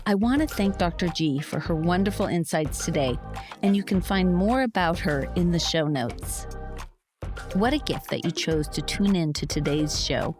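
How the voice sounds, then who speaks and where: A woman podcast host giving a measured, friendly scripted sign-off. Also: fairly low pitch, expressive. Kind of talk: scripted podcast outro and interview. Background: music.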